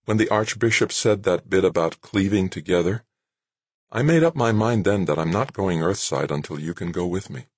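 A man's voice: sits low, animated, normal speed, no room sound, pitched above the performer's own voice. A man reading an audiobook, voicing a playful, determined young wife in a raised, teasing voice. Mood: knowing. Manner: teasing, firm.

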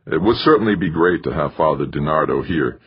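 A man voicing a calm, diplomatic mission leader who reasons things out in a measured way. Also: very deep voice, slightly rough, lo-fi sound, exaggerated voice.

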